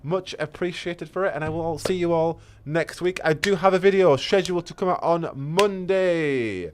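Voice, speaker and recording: A man's voice: fairly high pitch, moderate pace, a little hiss or hum. Male streamer, casual and eager, loose rambling delivery, plenty of ums and restarts. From England. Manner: rambling, enthusiastic, many fillers and restarts. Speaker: game streamer.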